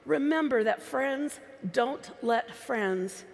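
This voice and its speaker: A woman's voice: high voice, expressive, takes it slowly, creaky. A woman giving a chatty, playful live talk from a stage microphone to a large convention crowd. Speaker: convention speaker. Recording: live hall sound with reverb.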